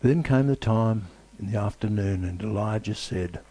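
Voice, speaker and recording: Male preacher, low mellow voice, emphatic repetitive delivery with dramatic pauses. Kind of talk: sermon.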